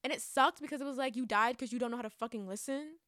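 A woman's voice: fairly high pitch, fast, dry recording, clean studio sound. Ranting young woman reviewing a book. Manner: emotional, ranting, profane, animated. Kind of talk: casual spoiler book review.

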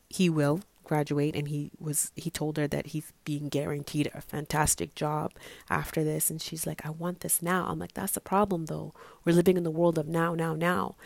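A woman with a low, gravelly voice tells a friend's story in a casual, chatty way. She acts out the quoted lines as she goes. The sound is dry and close. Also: darkish tone, dry recording.

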